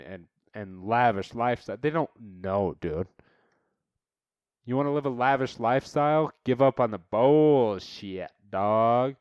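A man's voice: lowish voice, a little mellow, clean tone, no room sound, lo-fi sound. A man hosting a podcast, delivering a profane, fired-up motivational rant, blunt and swearing constantly as he calls listeners dude. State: worked up and irritated. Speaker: podcast host.

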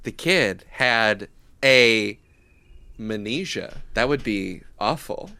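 A man's voice: lowish voice, animated, slow pace, pushed and bright, no room sound. A man co-hosting a podcast, joking and rambling in casual comedic chat. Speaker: podcast co-host.

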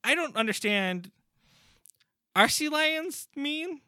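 A man's voice: very high-pitched, no echo, clean studio sound. A young man co-hosting a podcast in casual chat, animatedly retelling a comic's story and briefly acting out characters. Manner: animated, acts out characters in quick bursts. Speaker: podcast co-host.

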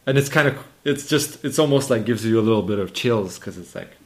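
A man chatting casually about movies, halting and repeating words as he retells scenes. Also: on the low side, expressive. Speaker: conversation partner. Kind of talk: casual chat about films.

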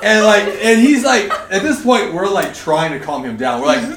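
A man in his thirties speaking to a group, telling an animated story and laughing through it. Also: sits high, moderate pace, far from the mic. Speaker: conference speaker. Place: large indoor hall at a retreat facility. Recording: echoey hall, faint room noise.

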